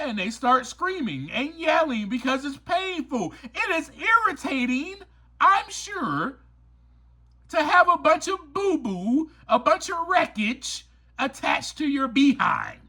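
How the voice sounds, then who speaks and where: A man hosts a motivational podcast in an emphatic, preachy way, circling back to repeat his points. His voice sits high and bright. He talks slowly and with lots of swing in pitch. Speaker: podcast host and author. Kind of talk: motivational recovery podcast talk.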